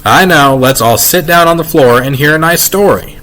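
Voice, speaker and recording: A man's voice: on the high side, moderate pace, bright, forceful tone, rough recording. A man reading aloud and voicing a harried young mother who pleads and scolds in a raised, exasperated tone. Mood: scolding.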